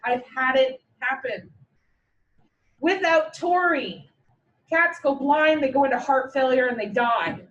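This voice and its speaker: Vet tech instructor, woman, high pitch; blunt, joking, emphatic classroom lecturing; far, roomy mic. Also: lively intonation, a little slow, a bit bright, lo-fi sound. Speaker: veterinary technician instructor. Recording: echoey room, mic far away.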